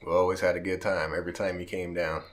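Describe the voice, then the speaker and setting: Deep voiced guy on his vlog, choked up, trying not to cry, super heartfelt. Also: flat delivery, fast. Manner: emotional, heartfelt, repeats "man", holding back tears. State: near tears. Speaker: vlogger. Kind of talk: emotional direct-to-camera vlog.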